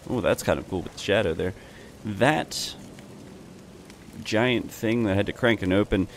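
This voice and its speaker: A young man with a lowish voice gives wry, chatty let's play commentary over the game he's playing, talking back to the characters on screen. There's slight background noise.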